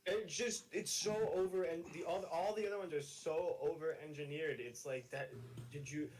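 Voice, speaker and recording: A man's voice: on the high side, steady tone, normal speed, darkish tone, low-quality recording. A man chatting casually with friends, musing aloud and asking rhetorical questions. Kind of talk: casual chat.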